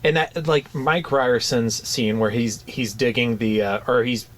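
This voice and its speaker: A man's voice: mid-range voice, steady tone, unhurried, a bit bright. A man co-hosting a podcast, talking in a casual, hesitant way with frequent restarts and fillers. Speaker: podcast co-host. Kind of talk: casual chat.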